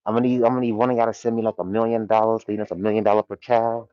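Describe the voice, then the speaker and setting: Racing along in a level, dark, lowish voice, the livestream host reads chat from a warehouse and keeps up relaxed, slang-heavy banter full of laughs. There's no room sound, and the audio is lo-fi.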